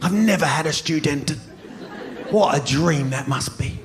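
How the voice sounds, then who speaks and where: A New Zealand man in his fifties doing a stand-up comedy set, telling stories in an animated way and shouting when he does impressions. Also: on the high side, moderate pace. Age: 50s. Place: large venue with a live audience. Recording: live stage recording with crowd and noise.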